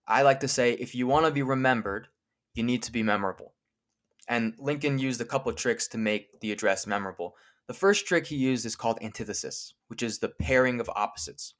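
A man co-hosting a podcast, explaining a famous speech in a clear, lecturing way and slowing down to quote lines from it. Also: medium pitch, a bit bright. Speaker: podcast co-host.

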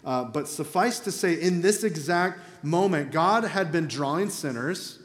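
A man's voice: fairly high pitch, animated, a little slow. A man preaching a sermon as pastor in a church, talking in a conversational but emphatic way. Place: church sanctuary. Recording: echoey hall reverb.

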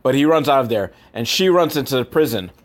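A man recapping a movie in a sarcastic, profane and rambling way, with deadpan asides. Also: medium pitch, quick pace. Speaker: movie reviewer.

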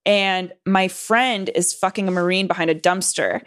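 A woman's voice: steady tone, moderate pace, dry recording, clean studio sound. A woman in her twenties from Southern California, telling a rambling, profane story with lots of fillers and restarts. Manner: acts out quoted voices in higher pitch. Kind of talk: casual storytelling chat.

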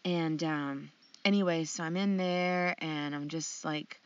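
A young adult woman telling a funny story in casual chat, animated and acting out dialogue, with many fillers. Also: sits low, slow pace, smooth, no echo, recorded from a distance. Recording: dry, dull sound.

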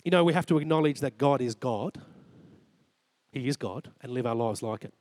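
A man's voice: mid-range voice, normal speed, darkish tone, no echo. A man in his forties with an Australian accent, preaching a sermon and telling a personal story, acting out conversations with God. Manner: earnest storytelling, acts out dialogue with God. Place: church.

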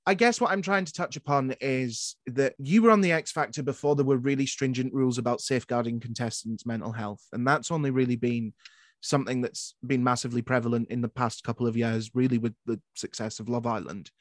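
A man's voice: medium pitch, brisk, dry recording, studio quality. A man hosting a podcast, asking long, winding questions and answering with short agreements. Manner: curious, rambling questions with short agreeing replies. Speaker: podcast host. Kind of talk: casual interview.

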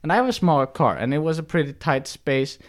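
A man's voice: fairly high pitch, expressive, fairly quick. A man co-hosting a podcast, telling a story in casual chat with many restarts and fillers. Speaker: podcast co-host.

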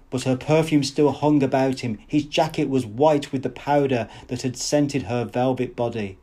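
A man's voice: medium pitch, normal speed, few pauses, dark tone. Man reading a novel aloud. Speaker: narrator. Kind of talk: audiobook reading.

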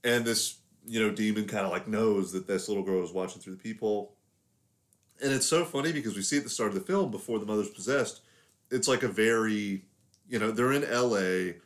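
A man's voice: fairly low pitch, brisk. A young man from the American South, casually talking over a film as podcast co-host, rambling with lots of fillers. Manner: rambling, many fillers and hedges. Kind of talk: casual film review chat.

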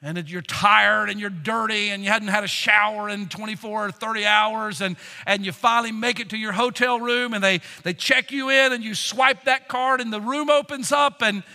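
An older man preaching a sermon, fervent, swinging from loud declarations to hushed passages. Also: high voice, fairly even intonation, normal speed, gravelly, few pauses, in a large hall. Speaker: pastor.

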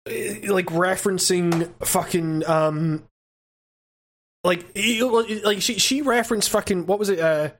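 A young man in a loose, rambling conversation, stumbling through fillers and swearing freely. His voice sits fairly high for a man. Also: measured pace, a bit bright. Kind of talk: casual chat.

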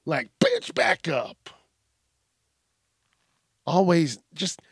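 A man's voice: mid-range voice, lively intonation, unhurried, long pauses, fairly bright tone, dry recording, clean studio sound. A man hosting a podcast, ranting bluntly in a casual, profanity-heavy style. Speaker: podcast host.

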